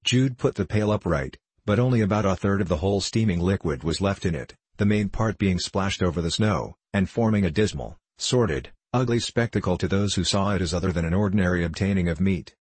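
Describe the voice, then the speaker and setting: A man reading a novel aloud in a steady, measured narration. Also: low voice, husky, no echo. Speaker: audiobook narrator. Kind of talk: scripted narration.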